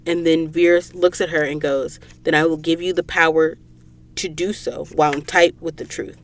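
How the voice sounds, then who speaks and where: A woman's voice: low-pitched, steady tone, normal speed, slight background noise. A woman hosting a podcast, retelling a book's plot in a chatty way with lots of "like" and "um". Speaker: podcast host. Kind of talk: casual book plot recap. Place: recording booth.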